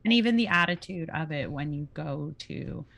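Woman cohost, really deep voice with lots of fry, short chill replies. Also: expressive, moderate pace, fairly bright tone. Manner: brief agreeing replies and quips. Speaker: podcast co-host. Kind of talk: casual podcast chat.

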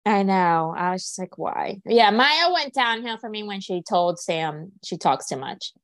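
A woman's voice: medium pitch, a little slow, dry recording. Chatty woman podcaster, dry close sound. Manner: chatty, giggly, animated retelling. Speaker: podcast co-host. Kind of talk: casual chat.

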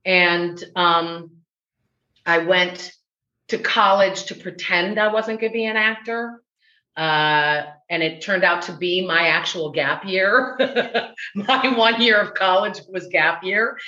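A woman from the US Midwest, an actress being interviewed, telling stories in a lively, chatty way full of restarts. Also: on the low side, slow pace. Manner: animated, chatty storyteller with laughs and restarts. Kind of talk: casual interview chat. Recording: roomy, dull recording.

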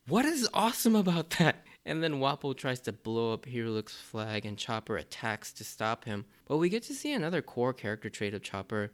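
A man talks through an anime episode in a review, his voice smooth and resonant at an ordinary pitch. He is enthusiastic and breaks into laughter often as he recaps the jokes. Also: fairly bright tone.

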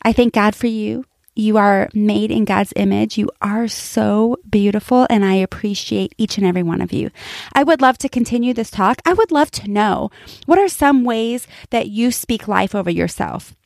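A woman pastor in middle age delivers a devotional message in a warm-hearted, encouraging way, repeating key phrases for emphasis. Her voice sits in an ordinary middle range. The sound is dry, with no room echo. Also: mid-range voice, normal speed, vocal fry. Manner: earnest, encouraging, speaks directly to listeners; emphatic repetition, light laughs.

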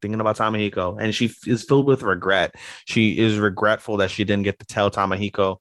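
A man's voice: lowish voice, fairly even intonation, fast talker, a bit bright, dry recording. A man co-hosting a podcast, rambling through a casual recap with lots of fillers and casual swearing. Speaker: podcast co-host.

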